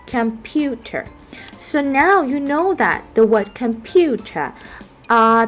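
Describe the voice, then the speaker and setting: Patient woman teaching phonetics. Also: a little high. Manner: patient explaining, frequent fillers and self-corrections. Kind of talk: recorded online lesson.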